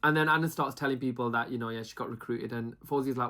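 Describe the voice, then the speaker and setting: A reality TV reviewer chatting casually with plenty of gossip and attitude. The delivery is animated, and it regularly breaks into high mimicked voices when quoting the contestants. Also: quick pace. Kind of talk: casual commentary with mimicked quotes.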